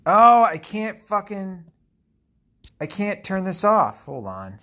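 A man's voice: high-pitched, big pitch swings, takes it slowly, pushed and bright. A man giving casual political commentary, profane and sarcastic, rambling with lots of fillers.

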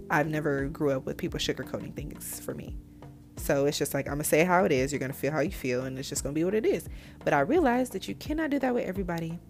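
A young woman telling a story in a casual, candid way, with blunt slang, talking straight to her listeners. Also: fairly low pitch. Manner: animated and candid, addresses listeners as "y'all"; blunt slang-heavy speech.

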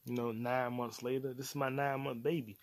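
With a medium-pitched, fairly flat voice and a slightly fast pace, a man in his late twenties rambles alone on his own podcast, with no echo. His casual rant is loose, heavy on slang, and profane.

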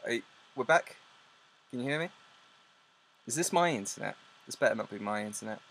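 A man's voice: medium pitch, animated, brisk, a bit bright. A man hosting a podcast over a video call, easygoing and jokey, laughing often as he talks. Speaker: podcast host. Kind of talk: casual chat.

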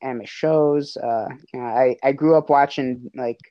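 Very low-voiced young woman rambling. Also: a little slow, warm tone, no echo, lo-fi sound. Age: young adult. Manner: rambling, self-interrupting. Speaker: podcast host. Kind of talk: casual chat.

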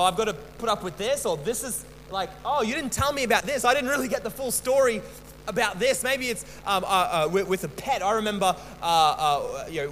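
High-voiced pastor, halting sermon. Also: male voice, a bit bright. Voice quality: halting, many restarts and repeated words. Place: church hall. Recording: long church reverb, faint hum.

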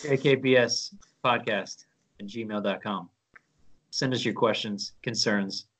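A man's voice: fairly low pitch, measured pace, fairly bright tone. A man co-hosting a casual podcast, joking and crude. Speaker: podcast co-host.

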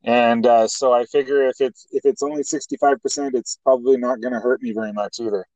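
Halting man, dry sound. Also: medium pitch, fairly even intonation, a little mellow, dry recording, rough recording. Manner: halting, many fillers and restarts. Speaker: co-host. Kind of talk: casual political talk.

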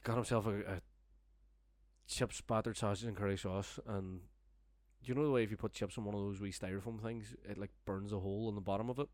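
A man's voice: on the low side, steady tone, a little fast, a little mellow, no room sound, studio quality. A young man telling a long, rambling, sweary story in casual chat, laughing as he goes. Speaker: storyteller guest. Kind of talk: casual podcast anecdote.

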